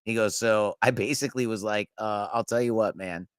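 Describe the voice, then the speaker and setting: A man's voice: on the low side, steady tone, fairly quick, clear, resonant tone, dry recording, studio quality. A man co-hosting a podcast, telling rambling anecdotes in casual chat with frequent laughs and swearing. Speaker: podcast co-host.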